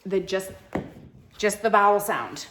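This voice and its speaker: A woman teacher leading a live classroom phonics lesson, sounding out syllables slowly and encouraging her students. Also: mid-range voice, animated, fairly bright tone, a little hiss or hum. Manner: slow, drawn-out syllable sounding.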